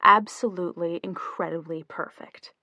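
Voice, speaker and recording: A woman reading the lines of a quick-witted young wife in an audiobook, fond and bantering. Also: medium pitch, lively intonation, dry recording, lightly acted. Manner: playful bargaining banter.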